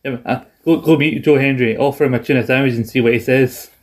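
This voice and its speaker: Young Scottish man, podcast co-host, loose rambling chat, mid-pitched, swears. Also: steady tone, quick pace. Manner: rambling, restarts often, laughs along, swears freely. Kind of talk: casual chat.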